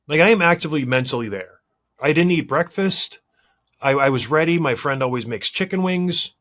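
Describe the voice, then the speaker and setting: A man co-hosting a podcast, telling a story in an animated, exasperated and self-deprecating way. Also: fairly high pitch. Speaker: podcast co-host. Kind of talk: casual podcast chat.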